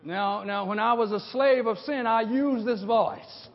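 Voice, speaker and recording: A man preaches with great passion in a very high voice, sinking to near whispers and then bursting into shouts. He often repeats and restarts his phrases as he drives each point home. The sound is dull and muffled, carried by the long reverb of a church hall. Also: measured pace. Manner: impassioned, swings from hushed to shouting. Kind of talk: sermon. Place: church sanctuary.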